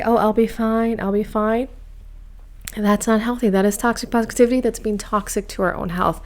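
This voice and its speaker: A woman from Miami hosting a podcast, telling a personal story in a chatty, animated, self-mocking way. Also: medium pitch. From United States, grew up in Miami. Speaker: podcast host. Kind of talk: casual storytelling monologue.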